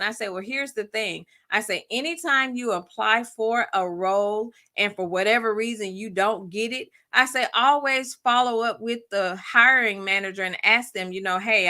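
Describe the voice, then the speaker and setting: A woman's voice: mid-range voice, sharp tone. A woman host telling a personal story in a casual, chatty way, acting out both sides of the conversations.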